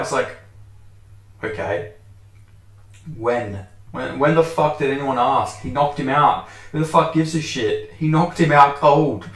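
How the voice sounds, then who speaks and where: A man's voice: a little high, takes it slowly, pauses often, a bit bright. A man ranting casually about fighters and fans, exasperated, swearing heavily and restarting his sentences as he goes. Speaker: MMA commentary channel host. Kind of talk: casual opinion rant. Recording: echoey room.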